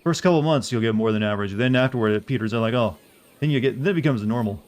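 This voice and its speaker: A man's voice: mid-range voice, fast. A young man giving casual, joking game-stream commentary, rambling to his viewers.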